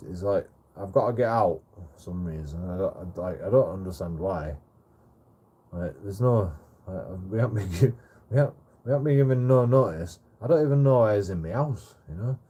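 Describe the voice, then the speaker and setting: A man's voice: deep voice, lively intonation, normal speed, dark tone. A young man telling a rambling story on a livestream, swearing often, stammering and restarting his sentences.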